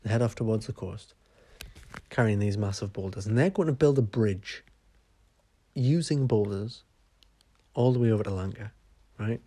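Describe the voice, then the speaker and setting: A man's voice: fairly low pitch, moderate pace, long pauses, warm tone, slightly rough, dry recording. Chatty sweary man telling a story. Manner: chatty, sweary, says "right?" often. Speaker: podcast host. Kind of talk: casual storytelling.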